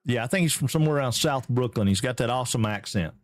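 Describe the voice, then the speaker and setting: A man from Georgia with a Southern American accent chats through a live game stream. He talks in a friendly, rambling way and greets viewers excitedly, with his pitch in an everyday middle range. The close microphone leaves his voice dry, with no room sound. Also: fast, no echo. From Georgia, USA. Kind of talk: casual live-stream chat.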